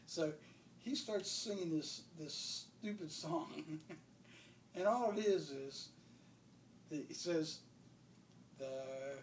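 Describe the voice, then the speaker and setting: A man with a fairly high, lively voice takes his time, pausing often, as he shares a comical story about his family from childhood, laughing a great deal along the way. It's casual talk in an echoey room, recorded from a distance with faint noise behind.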